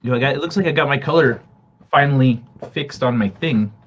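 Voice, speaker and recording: A man's voice: mid-range voice, brisk, fairly bright tone, a little hiss or hum. A man hosting a live gaming talk stream in a casual, hesitant way, with lots of fillers and questions to his co-hosts. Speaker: host.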